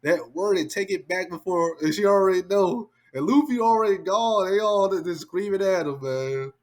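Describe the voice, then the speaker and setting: A man's voice: sits high, moderate pace. A man casually reviewing and reacting to a comic chapter, with loose, slangy talk full of "man" and "like". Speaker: manga reviewer.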